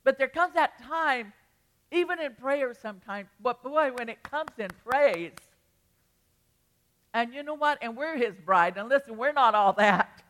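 A woman's voice: sits high, lively intonation, a little slow, a bit bright. An older woman pastor preaching a sermon, telling a rambling story with restarts and bursts of feeling.

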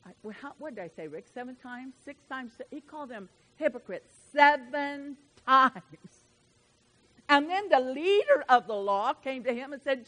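A woman's voice: sits high, expressive, measured pace, poor audio. Emphatic folksy woman preaching. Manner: folksy, emphatic, swings from loud to soft. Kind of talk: sermon.

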